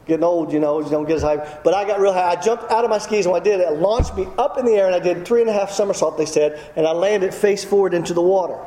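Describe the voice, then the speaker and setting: A middle-aged man with a drawl rattles through a humorous testimony sermon at a rapid clip. His voice sits high but sounds mellow. The sound rings with a long hall echo. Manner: humorous storyteller, self-deprecating. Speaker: preacher. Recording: echoey hall.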